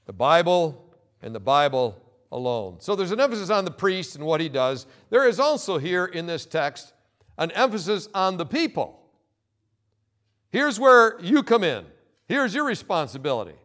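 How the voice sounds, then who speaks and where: A male pastor preaching a sermon, emphatic and insistent, repeating key phrases and pausing for effect. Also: high voice, big pitch swings, fairly bright tone.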